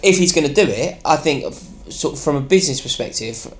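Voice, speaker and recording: A man's voice: fairly high pitch, lively intonation, a little fast, a little hiss or hum. A man with a slightly raised voice chatting as a guest on a football podcast. He speaks animatedly, often stumbling over the first words of a sentence. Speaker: podcast guest, fan channel presenter. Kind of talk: casual football podcast chat.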